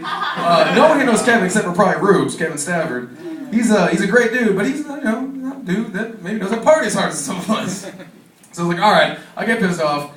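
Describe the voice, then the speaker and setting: His voice is high, expressive, brisk and fairly bright as he does stand-up, acting out the people in a foul-mouthed party story. Audience laughter fills the echoey comedy club, captured by a distant mic.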